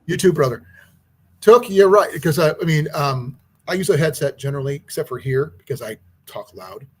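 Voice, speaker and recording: A man hosting an outdoors channel who teaches archery, talking in a casual, rambling livestream chat with a hoarse, husky voice. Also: a little high, expressive, moderate pace, a little mellow. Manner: rambling, chatty, with many restarts.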